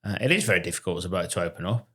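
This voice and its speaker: Low-voiced man, relaxed co-host. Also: very fast. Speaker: podcast co-host. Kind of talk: casual chat.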